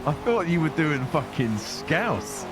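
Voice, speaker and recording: A man in casual role-play chat, quick and blunt, teasing and swearing a lot. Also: on the high side, big pitch swings, background noise. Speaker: fellow role-play player.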